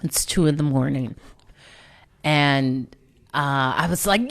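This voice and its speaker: A woman tells a personal story in a relaxed, unhurried way, with a low voice. She is conversational and self-mocking, laughing easily at her own antics. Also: no room sound, clean studio sound. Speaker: storyteller host.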